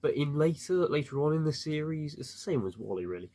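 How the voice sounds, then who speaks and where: A man's voice: fairly high pitch, animated, brisk, warm tone. A man giving a casual, rambling spoken review, full of fillers and restarts. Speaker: video reviewer.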